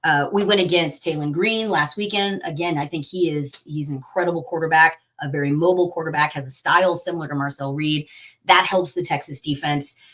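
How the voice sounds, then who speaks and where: A woman's voice: low voice, fairly even intonation, brisk, a bit bright. A woman co-hosting a casual sports podcast, talking emphatically with sarcastic asides. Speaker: podcast co-host.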